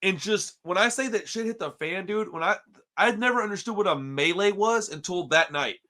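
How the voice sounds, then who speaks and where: A man's voice: high-pitched, normal speed. A man hosting a podcast, telling a story in casual, profane chat and calling everyone "dude". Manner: animated, profane, says "dude" constantly. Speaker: podcast host.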